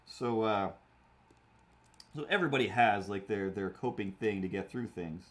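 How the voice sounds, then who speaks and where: A man's voice: on the low side, moderate pace. A man in his forties casually telling an anecdote on a livestream, acting out voices as he goes. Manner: animated, acts out voices in anecdotes. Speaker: livestream host.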